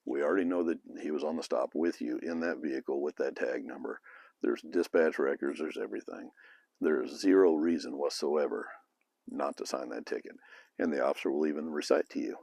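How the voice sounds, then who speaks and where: A middle-aged man with a very deep, husky voice gives frank, no-nonsense advice in a casual monologue. His delivery is blunt and plain-spoken, with a bit of salty language. The sound is dry and close. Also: fairly quick, a little mellow, no echo. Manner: blunt and frank, with occasional profanity. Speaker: former police officer giving advice.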